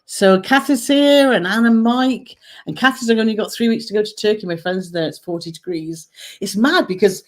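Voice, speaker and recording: Woman, live-stream co-host, mid-pitched, chatty, reads comments aloud. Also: moderate pace. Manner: chatty, warm greetings, trailing "aren't we?" tags. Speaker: co-host of a travel channel live Q&A. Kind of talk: casual live-stream chat reading viewer comments.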